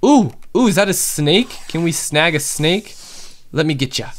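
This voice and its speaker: A young man chatting casually through gameplay commentary, excitable and full of fillers. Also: on the high side, normal speed. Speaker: gaming YouTuber.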